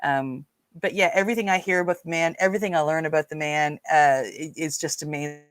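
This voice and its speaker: Her voice deep and her tone steady, this livestream host talks fast in a Newfoundland accent. She keeps things casual, chatting with viewers and reading out their comments with plenty of filler words.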